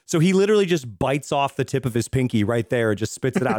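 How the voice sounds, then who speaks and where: A man co-hosting a casual film podcast, retelling scenes in an animated way. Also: medium pitch, fast, no room sound, studio quality. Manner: animated storyteller, acts out scenes. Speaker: podcast co-host.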